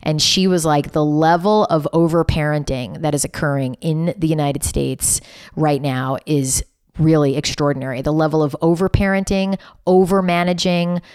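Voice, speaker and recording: Animated storytelling woman, lowish voice. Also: smooth. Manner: animated storyteller, acts out dialogue. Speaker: guest. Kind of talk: casual interview chat.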